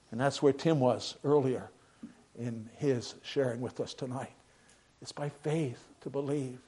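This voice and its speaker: An older man preaching a sermon, moving between quiet reflective passages and emphatic raised declarations. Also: on the high side.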